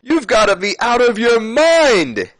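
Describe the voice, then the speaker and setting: A man's voice: very high voice, big pitch swings, takes it slowly, fairly bright tone, no echo, voice pushed up, exaggerated voice, rough recording. A man voicing a smug older male wrestling manager with a sneering, mocking delivery.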